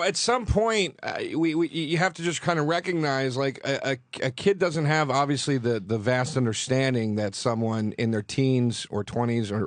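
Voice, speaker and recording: A man's voice: mid-range voice, no echo. A man talking as a guest on a radio show, rambling with restarts and casual swearing, at a studio microphone. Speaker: guest comedian.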